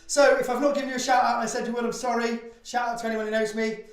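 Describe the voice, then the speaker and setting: A man's voice: very high voice, level tone, rapid-fire, gravelly. A man from Bristol, a folk singer-songwriter, chatting between songs in a rambling, jokey way with casual swearing. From Bristol, England. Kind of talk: banter between songs at a live-streamed gig. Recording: very echoey, distant mic, loud ukulele.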